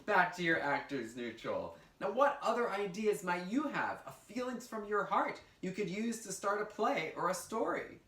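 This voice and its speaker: Animated man teaching kids drama. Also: sits high, normal speed, hardly any pauses, reverberant, distant mic. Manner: upbeat and encouraging, guiding kids step by step. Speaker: teaching artist. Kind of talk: virtual drama lesson for children. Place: indoor room, recorded for an online class.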